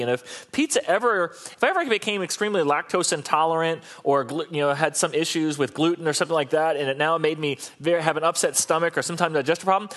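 A man's voice: fairly high pitch, a bit bright. A middle-aged man preaching a sermon as a pastor, talking in a conversational, humorous and repetitive way.

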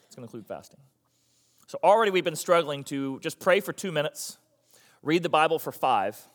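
A man preaching a sermon as a pastor, animated and emphatic, repeating phrases for effect. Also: on the high side, brisk, big-room sound.

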